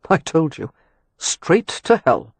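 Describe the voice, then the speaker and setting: Brief: a man playing a husky, teasing suitor in a romance audiobook, low and intimate. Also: very animated, takes it slowly, no room sound, exaggerated voice. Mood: ardent. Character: teasing, ardent gentleman, wry and seductive. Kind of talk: audiobook dialogue.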